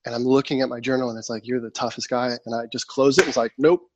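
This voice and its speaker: A man's voice: mid-range voice, quick pace, no room sound, lo-fi sound. Man telling war stories, close and dry. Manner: animated, acts out his past self. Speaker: guest. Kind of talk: casual storytelling.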